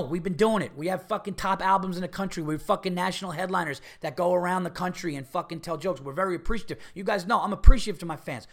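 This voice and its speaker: A man's voice: sits high, fast, hardly any pauses, fairly bright tone. A middle-aged man, a comedian hosting his podcast, telling a profane, heated story and repeating himself as he acts out what people said.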